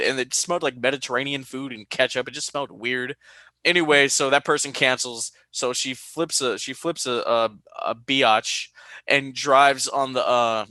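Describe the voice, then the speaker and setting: A young man hosting a casual podcast, telling stories with lively jumps into high-pitched quoted voices. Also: moderate pace, no echo. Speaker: podcast host.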